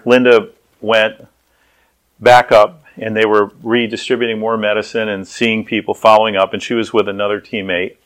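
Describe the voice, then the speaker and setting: A man's voice: on the low side, little pitch movement, normal speed, fairly bright tone. Man preaching through a story. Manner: conversational, repeats and restarts words. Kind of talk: sermon with storytelling.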